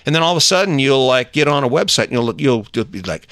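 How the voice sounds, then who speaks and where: A middle-aged man talks in a casual, emphatic motivational style and coaxes the listener along. Now and then he jumps up into a higher voice to act out small scenes. His voice sits at an ordinary pitch and sounds dry and close. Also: lively intonation, quick pace, few pauses, a bit bright, no echo. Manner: emphatic, coaxing, acts out little scenes in a higher voice. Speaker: motivational talker.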